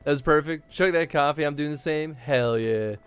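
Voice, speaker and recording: A man's voice: fairly high pitch, level tone, fairly quick, a bit bright, clean tone, faint music behind. A tired, easygoing man streaming a game and chatting casually with viewers, a little self-deprecating after little sleep.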